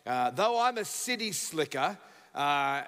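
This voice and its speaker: A man in his fifties with an Australian accent, a guest pastor addressing a church congregation with lively, joking energy. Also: on the high side, takes it slowly. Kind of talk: sermon. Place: large church hall. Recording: reverberant church hall.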